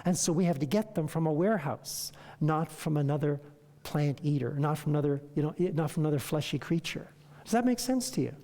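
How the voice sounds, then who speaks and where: A lecturer speaks to a room with a mellow, relaxed tone that carries a long hall reverb. The delivery is animated, full of rhetorical questions and acted-out exchanges with patients. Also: medium pitch, a little fast. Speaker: health lecturer. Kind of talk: lecture to an audience.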